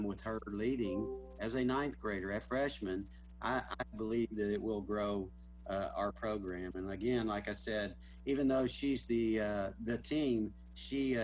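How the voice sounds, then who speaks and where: A man, a school principal, speaking earnestly with frequent filler pauses. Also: lowish voice. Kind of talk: casual remarks on a video call.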